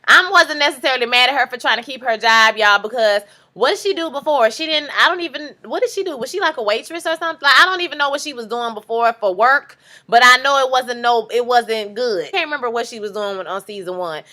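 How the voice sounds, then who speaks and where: A woman with a bright, forward voice that sits a little high. She recaps a TV episode in a relaxed, lively way. She talks straight to her viewers. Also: fast talker. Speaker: TV recap vlogger.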